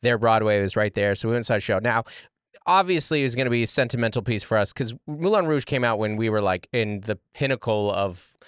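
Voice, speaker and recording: A man's voice: fairly low pitch, lively intonation, fast talker, clear, resonant tone, dry recording, clean studio sound. A man in his thirties hosting a podcast, telling stories in a rambling way with many restarts and asides. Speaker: podcast host. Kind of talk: casual chat.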